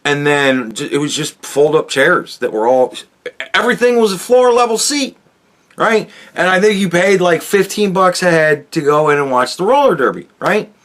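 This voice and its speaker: Male podcast host, angry sarcastic rant, high pitched and very animated. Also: normal speed. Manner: angry, profane, sarcastic ranting.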